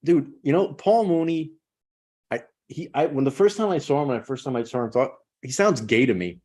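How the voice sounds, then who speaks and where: A man's voice: mid-range voice, animated, brisk, a little mellow, breathy edge. A man co-hosting a podcast, chatting casually in a laid-back, agreeable way. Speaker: podcast co-host. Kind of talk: casual chat.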